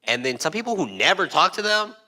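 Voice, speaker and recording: Young guy podcasting, super bright sharp voice, swings all over pitch-wise, jokey storyteller doing voices. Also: sing-song, brisk. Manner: joking storyteller who acts out quoted voices. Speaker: podcast co-host. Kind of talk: casual chat.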